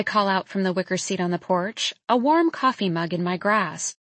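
A woman narrating a novel in the first person, in a soft, measured storytelling manner. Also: medium pitch, dry recording. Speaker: audiobook narrator.

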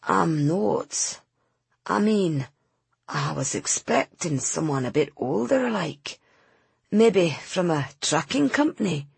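A woman voicing a gruff, heavy-set old man selling a van. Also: on the high side, animated, slow pace, no room sound, heavily acted.

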